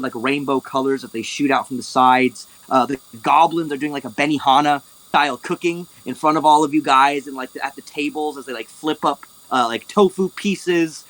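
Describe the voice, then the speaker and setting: A man with a medium-pitched, fairly bright voice narrates a tabletop game as game master over a voice call. He rambles, leaning heavily on "like" and "um," and the recording quality is rough.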